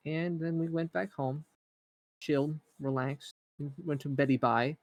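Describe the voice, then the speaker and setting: Male player, gravelly, recaps the session in a loose, chatty ramble. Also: medium pitch, steady tone, unhurried, no echo. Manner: rambling recap with fillers, acting out characters' lines. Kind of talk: casual chat.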